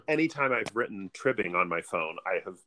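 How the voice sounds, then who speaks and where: A woman's voice: a bass voice, big pitch swings, normal speed, a bit bright. A woman in her thirties co-hosting a podcast, chatting casually with jokes and goofy tangents. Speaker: podcast co-host. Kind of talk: casual chat.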